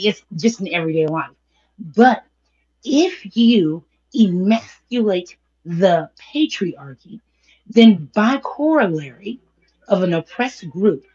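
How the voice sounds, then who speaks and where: A woman co-hosting a talk show, making a point in measured, academic wording. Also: fairly low pitch, mellow, slightly rough. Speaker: co-host. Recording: dull lo-fi sound.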